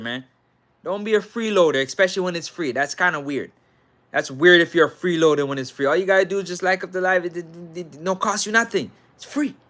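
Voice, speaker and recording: A Jamaican man hosts a live football talk show, answering viewer comments. His voice sits a little high and sounds bright and forceful. He says each point again and again, slipping into patois. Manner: animated and repetitive, Jamaican patois mixed in. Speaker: sports talk show host.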